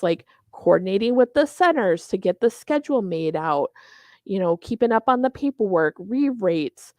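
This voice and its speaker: A middle-aged woman with a Minnesota accent talks casually in an interview about running tournaments. She is chatty and pokes fun at herself, laughing easily. Her voice is mid-pitched and sits dry and close, with no room around it. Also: a little mellow, no echo. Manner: chatty, self-deprecating, quick to laugh. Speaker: tournament organizer guest.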